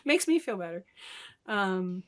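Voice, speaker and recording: A woman from Michigan, a guest on an interview podcast, telling stories in an animated way, laughing often and acting out what people said. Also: mid-range voice, unhurried. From Michigan, USA. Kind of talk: casual interview storytelling.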